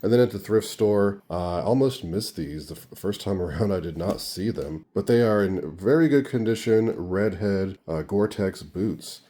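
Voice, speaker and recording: A man talking through his thrift and garage sale finds in a casual, monotone way, with dry sarcasm. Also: low voice, moderate pace, few pauses. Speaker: reseller vlogger. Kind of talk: casual haul rundown.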